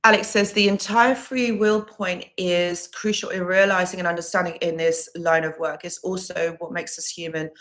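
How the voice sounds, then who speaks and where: A woman's voice: on the low side, fairly even intonation, moderate pace, hardly any pauses, a bit bright. A woman recovery coach hosting a live Q&A stream, reading viewer comments aloud and answering with earnest, reassuring advice that she often repeats.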